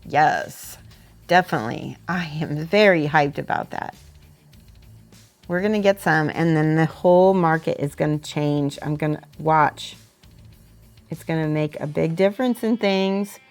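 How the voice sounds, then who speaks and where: Woman, lowish voice, casual livestream chat, reading viewer messages aloud, painting at a desk. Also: a little slow, faint music behind. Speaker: miniature painting streamer.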